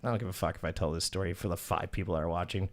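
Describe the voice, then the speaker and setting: A man's voice: low-pitched, racing. A man hosting a podcast, telling stories in casual chat with lots of swearing and acted-out quotes. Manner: profane, animated, acts out quoted voices. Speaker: podcast host.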